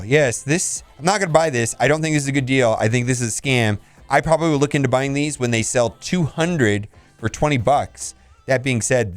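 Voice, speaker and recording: A man's voice: mid-range voice, no room sound. A man hosting a casual game video, reviewing store offers with blunt verdicts and laughs. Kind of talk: casual commentary.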